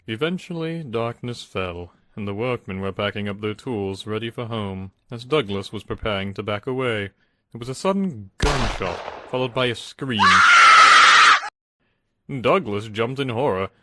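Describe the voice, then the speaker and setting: A man's voice: lowish voice, animated, moderate pace, no room sound, studio quality. A man narrating a scripted storybook with a dramatic reading style.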